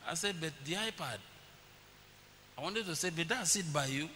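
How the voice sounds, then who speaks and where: A man's voice: fairly high pitch, lively intonation, moderate pace, bright, forceful tone. A middle-aged man preaching a sermon as pastor, telling family stories and acting out his children's voices. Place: church hall. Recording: long church reverb, faint hiss.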